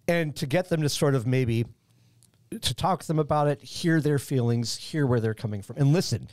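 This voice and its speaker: A middle-aged man, a music teacher, tells stories on a podcast with a lively voice that rises and falls. He swears casually now and then. The sound is close and dry. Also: medium pitch, moderate pace, dry recording. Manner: animated storyteller, swears casually. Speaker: guest, guitar and bass teacher.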